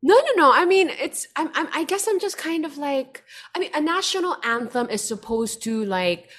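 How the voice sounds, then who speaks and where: A woman co-hosting a casual talk show, speaking hesitantly with many fillers and quick amazement. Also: high voice, lively intonation, a bit bright. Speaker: podcast co-host. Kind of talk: casual chat.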